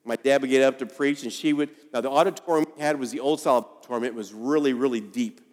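Speaking quickly in a large hall, a pastor with a mid-range voice preaches a sermon built around a story. He performs the quoted voices of each character as he tells it.

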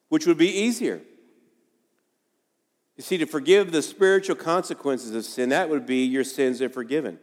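A man's voice: medium pitch, animated, moderate pace, a little mellow, long reverb tail. A man preaching a sermon and telling a story, acting out the people in it. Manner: storytelling, acts out quoted voices. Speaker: pastor.

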